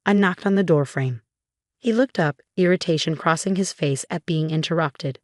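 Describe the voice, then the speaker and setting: A woman narrating a scripted first-person story in a measured, even way. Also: deep voice, no echo, clean studio sound.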